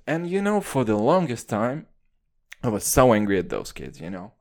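A man's voice: mid-range voice, normal speed. Male podcaster, sweary comic rant, voice swings up and down a lot. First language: Russian. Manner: profane, animated ranting with constant "dude". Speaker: podcast host.

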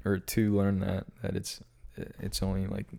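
A man's voice: deep voice, monotone, unhurried, creaky, dark tone. A young man co-hosting a podcast in casual chat, laid-back, steering the talk to new topics. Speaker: podcast co-host.

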